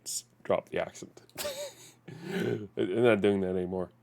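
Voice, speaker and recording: A man streaming a video game live, talking in a slightly low voice. He chats along in an animated way and often catches and corrects himself. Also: unhurried, gravelly. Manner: chatty, animated, self-correcting. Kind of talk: live gameplay commentary.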